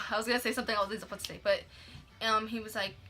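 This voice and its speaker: A young woman tells a story on her vlog in a casual, chatty way. She swears freely and says "like" constantly. Her voice sits a little high and sounds very bright and sharp, with faint music behind her. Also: flat delivery, quick pace. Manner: mixes in Spanish words. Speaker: vlogger.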